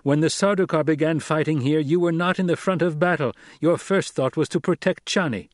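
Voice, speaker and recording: A man voicing a young noble heir who speaks slowly, coldly and with command, in a dry audiobook recording. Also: on the high side, dry recording, pitched above the performer's own voice, close to an everyday voice. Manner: slow, cold, commanding delivery.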